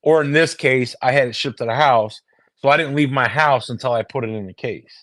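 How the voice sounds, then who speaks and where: An American man streams a casual, rambling chat from his phone, swearing constantly, repeating words and restarting sentences. His mid-range, fairly bright voice moves a little fast. The recording has studio quality with no room sound.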